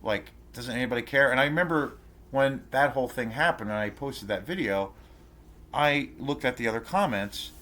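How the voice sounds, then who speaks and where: A man's voice: on the low side, fairly bright tone. A man hosting his own channel, telling an indignant story in a rambling, profane way, full of fillers and restarts. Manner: indignant, outraged. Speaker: channel host ranting to camera. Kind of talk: casual rant vlog.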